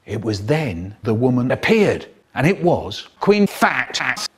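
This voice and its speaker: A man telling a spliced-together comic story in an animated voice that jumps into sudden squeaky highs. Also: a little slow, husky.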